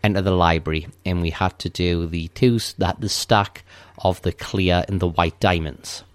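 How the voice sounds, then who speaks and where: Guy with a really low voice going through a game level step by step, dry close sound. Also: steady tone, normal speed, no echo. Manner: methodical, step-by-step recounting. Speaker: podcast co-host. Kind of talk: casual game walkthrough chat.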